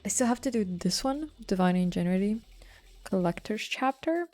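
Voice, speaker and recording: A woman's voice: mid-range voice, expressive, normal speed, a little mellow. A woman streamer talking casually while she plays, thinking aloud and swearing offhand. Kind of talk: live-stream gameplay commentary.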